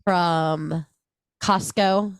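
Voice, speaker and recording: Chatty woman with a low voice. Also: fairly even intonation, very slow, dry recording. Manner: chatty, laughs easily, trails off and restarts. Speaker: podcast co-host. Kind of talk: casual podcast chat.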